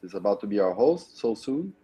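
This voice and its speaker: A man with a mellow, dark voice guests on a fan podcast. He talks in an animated, jokey way. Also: on the low side, fairly quick. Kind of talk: casual fan chat.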